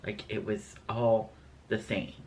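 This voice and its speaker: A man's voice: lowish voice, monotone, takes it slowly, darkish tone, a little hiss or hum. A man telling ghost stories in a casual storytime vlog, scatterbrained and rambling with lots of fillers. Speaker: vlogger.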